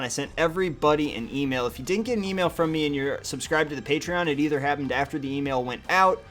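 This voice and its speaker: A man's voice: mid-range voice, fairly bright tone. A young man giving casual, profane, sarcastic commentary on a card game he is playing, often muttering to himself. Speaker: gaming video host.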